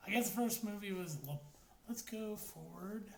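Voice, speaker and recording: A woman talks through a film review in loose, excitable bursts, swearing freely and trailing off mid-thought. Her voice bounces around a roomy space with a faint hiss of background noise underneath. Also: mid-range voice, moderate pace. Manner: profane, rambling, excitable. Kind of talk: casual spoken movie review.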